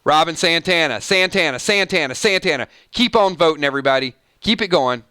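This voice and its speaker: This livestream host keeps things loose, chatting with his audience and animatedly singing fragments of songs for fun. The voice is smooth and somewhat high, fairly quick, with studio-quality sound and no echo.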